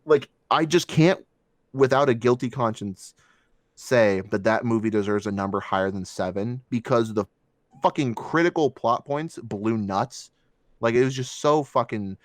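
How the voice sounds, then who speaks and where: A man's voice: medium pitch, no echo, clean studio sound. A man co-hosting a casual movie review podcast, ranting with heavy swearing and mocking voices. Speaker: podcast co-host.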